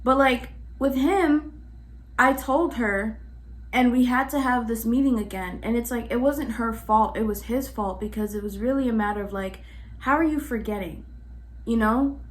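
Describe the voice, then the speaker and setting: Animated, exasperated young woman vlogger. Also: a little high, moderate pace. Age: 20s. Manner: animated, exasperated, chatty with many fillers. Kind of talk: casual storytelling to camera.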